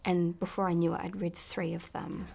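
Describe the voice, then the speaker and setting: A woman with a New Zealand accent, an actress chatting in an interview, softly and often dropping to a near-whisper. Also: on the low side, flat delivery, moderate pace, creaky, husky. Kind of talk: casual interview chat.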